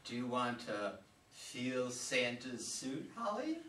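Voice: medium pitch, sing-song, slow, fairly bright tone. A reader voicing a cheeky, scheming male elf in an amateur read-aloud play, bold and teasing. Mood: seductive. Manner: bold, teasing, swooping delivery. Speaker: reader in a community reader's theater. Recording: roomy hall, mic far off, faint noise.

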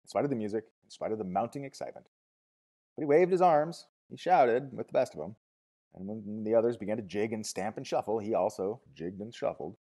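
A man narrating a novel as an audiobook, expressive, dropping to hushed tones and rising to loud cries. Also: on the low side, fairly quick. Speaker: audiobook reader.

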